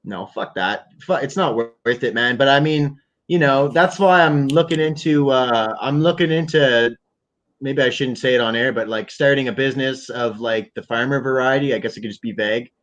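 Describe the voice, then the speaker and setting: A man's voice: mid-range voice, normal speed, a bit bright, poor audio. A man hosting a late-night call-in chat, talking in a profane, rambling, joking way. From Canada. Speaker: host. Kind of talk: casual chat.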